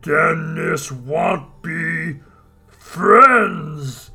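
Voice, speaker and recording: Brief: man playing a childlike lab-made brute, very slow broken speech, simple-minded. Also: a little high, gravelly, bright, forceful tone, husky, faint music behind, full character voice. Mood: lumbering. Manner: slow, broken baby-talk. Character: hulking lab-made male monster, childlike and sad.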